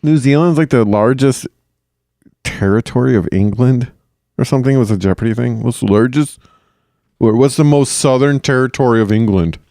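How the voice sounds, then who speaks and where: A man's voice: mid-range voice, moderate pace, warm tone, no room sound, studio quality. A man co-hosting a podcast in casual, jokey banter, often slipping into goofy voices. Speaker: podcast co-host.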